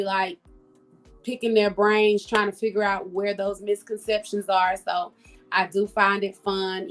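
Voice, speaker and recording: A woman, a guest on a video call, introducing herself and her businesses in an upbeat, self-promoting way. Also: mid-range voice. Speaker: guest, entrepreneur.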